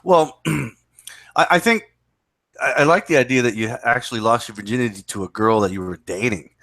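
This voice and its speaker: A podcast co-host, a man, explains his views at length during a casual chat, lecturing and repeating himself. His medium-pitched voice is fairly bright and a little fast, with no echo.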